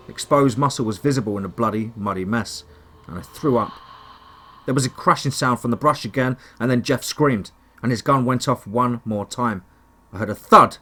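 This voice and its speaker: A man's voice: mid-range voice, a bit bright, a little hiss or hum. A man narrating a first-person horror story in a dramatic, tense storytelling manner.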